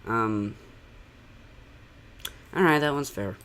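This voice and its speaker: A man's voice: medium pitch, slow, a bit bright, a little hiss or hum. A man giving sarcastic reaction commentary, rambling and leaning on the word "like" as he pokes holes in what he watches. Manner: sarcastic, rambling, heavy use of "like". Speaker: channel critic.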